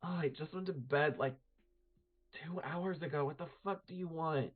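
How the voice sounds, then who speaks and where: A man's voice: mid-range voice, animated, very slow. A cranky half-asleep young woman, as a man puts her on. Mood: grouchy. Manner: swearing, curt. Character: grumpy sleepy young woman, crude, irritable. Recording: tinny call audio.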